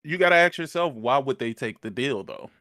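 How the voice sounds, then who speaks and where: A man's voice: mid-range voice, lively intonation, fairly quick, pushed and bright, no echo, studio quality. Blunt, slangy male co-host. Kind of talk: casual chat.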